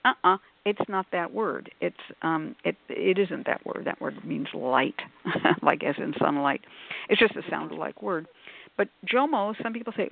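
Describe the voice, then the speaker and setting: A woman's voice: lowish voice, animated, moderate pace, creaky. A woman author on a call-in radio panel, explaining at length in a discursive, scholarly way with many asides. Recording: tinny phone-like line.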